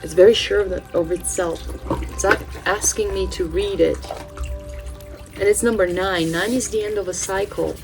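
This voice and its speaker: As a spiritual card reader hosting her own channel, she talks informally through an oracle card reading, often saying um and starting over. She is in her thirties, born in Brazil and a native Portuguese speaker, with an English accent blending British and Californian. Her mid-range voice is steady, moderately paced, with vocal fry, over background music in poor audio.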